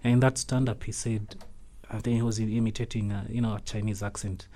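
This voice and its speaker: A man, an animation studio founder speaking as a guest in a radio studio, halting and thoughtful with many fillers. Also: on the low side, level tone, mellow. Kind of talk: radio interview.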